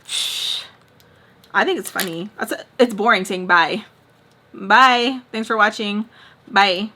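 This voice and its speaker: A woman in her thirties telling a dramatic story in a casual, expressive way, full of fillers. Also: medium pitch, moderate pace, slight background noise. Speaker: storytime vlogger.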